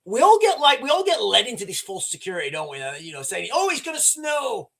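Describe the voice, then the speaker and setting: A man's voice: high voice, huge pitch swings, fast talker, creaky, a bit bright. A man hosting a live stream, talking in a rambling, conversational way to his viewers and reading their chat comments. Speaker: livestream host.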